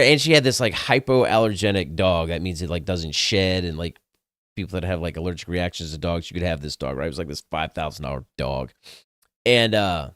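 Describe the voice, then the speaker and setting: A man's voice: deep voice, a bit bright, clean tone, dry recording, studio quality. A young adult man, casually telling a personal story in a candid, crude, self-mocking way, swearing freely. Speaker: podcast host.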